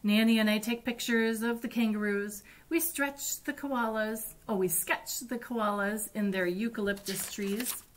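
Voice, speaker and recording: A woman librarian reading picture books aloud to children at story time, with a gentle, deliberate delivery. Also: on the high side, steady tone.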